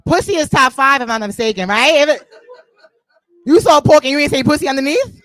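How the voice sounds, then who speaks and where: A woman's voice: sits high, animated, brisk, a bit bright. A woman with a New York accent doing a raunchy stand-up set on a club stage. Her voice swings widely up and down as she teases the crowd. The sound is close and dry, with little room echo. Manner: crude, loose and teasing with the crowd. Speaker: stand-up comedian.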